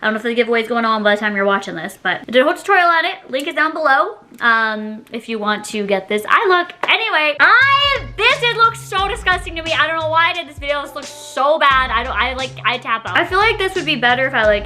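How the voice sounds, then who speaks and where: A young woman chatting to camera in a casual vlog, giggly and dramatic with quick reactions, at home in her kitchen. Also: high-pitched, expressive, pushed and bright, soft background music. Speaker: vlogger.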